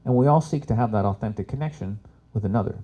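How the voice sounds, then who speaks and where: Mellow-voiced man doing stand-up. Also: on the low side, fast. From Canada. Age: 40s. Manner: chatty, swears freely, laughs at his own jokes. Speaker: comedian and workshop host. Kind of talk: live stand-up comedy talk.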